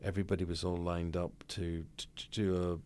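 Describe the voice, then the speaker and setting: A Northern Irish man in his sixties, a broadcaster telling lively, blunt anecdotes as an interview guest. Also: deep voice, brisk, slight background noise. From Northern Ireland. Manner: lively raconteur, blunt, swears freely. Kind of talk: anecdotal storytelling in conversation.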